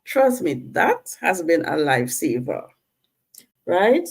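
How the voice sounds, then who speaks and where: A woman's voice: on the low side, big pitch swings, gravelly, husky. A woman vlogger talking to camera, earnest and coaching, often checking in with "right?". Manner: slow, earnest, coaching viewers directly; asks "all right?" and "right?" to check in. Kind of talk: personal talk to camera.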